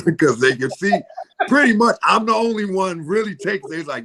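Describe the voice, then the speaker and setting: Animated man telling a story. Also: high-pitched, moderate pace. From Philadelphia, USA. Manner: animated storyteller, acts out voices, laughs often. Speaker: comedian guest. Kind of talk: casual storytelling interview.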